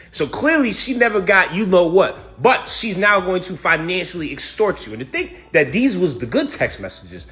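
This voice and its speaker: Brash, mocking high-voiced male podcaster. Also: very animated, moderate pace, hardly any pauses, a bit bright, faint music behind. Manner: self-styled hater roasting the subject. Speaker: podcast host. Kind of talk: comedic podcast commentary.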